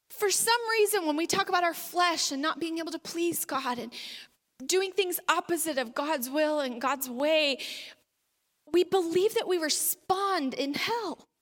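A high, bright woman delivers a sermon, chatty and animated as she acts out little everyday scenes. Her voice rings with the long reverb of a large hall. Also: a little slow, long pauses. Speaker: preacher.

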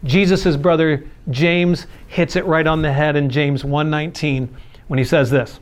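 A man's voice: a little high, fairly even intonation, a little fast. Earnest conversational male preacher. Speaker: pastor. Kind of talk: sermon.

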